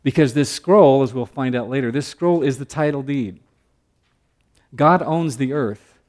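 A man giving a sermon-style Bible lesson, talking conversationally with joking asides, swinging between loud emphatic stretches and quiet asides. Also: mid-range voice, a little slow. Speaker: Bible teacher.

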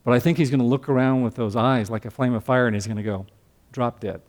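A man's voice: medium pitch, steady tone, quick pace, a little mellow. An older man preaching a sermon as a pastor, teaching from scripture in a conversational way and asking the congregation questions.

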